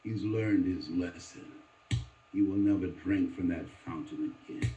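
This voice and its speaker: A man's voice: low-pitched, measured pace, mellow, a little hiss or hum. An older man voicing a menacing policeman who speaks in a cold, taunting way. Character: mocking menacing white policeman, adult man. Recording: distant echoey dull lo-fi recording.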